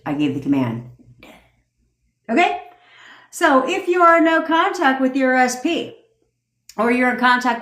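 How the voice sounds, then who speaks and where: A woman's voice: on the high side, a bit bright. A woman coach hosting a casual livestream, talking bluntly and profanely in a commanding way. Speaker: manifestation coach hosting a live stream. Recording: roomy echo.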